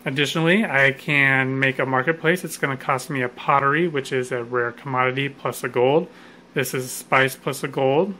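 A man's voice: mid-range voice, fairly even intonation, moderate pace, sharp tone, slight background noise. A man explaining how a board game is played in a casual, unscripted way, with frequent fillers and self-corrections.

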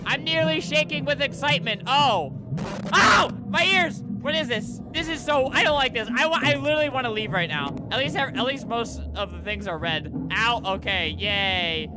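A young man giving sarcastic gameplay commentary, with deadpan asides that break into panicked yelps. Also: extremely high pitch, normal speed, few pauses, poor audio. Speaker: gaming video host.

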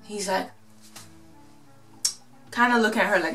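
A woman from Ghana casually recapping a reality show, sassy and animated, acting out the quotes. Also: on the high side, a little fast, distant mic, faint music behind.

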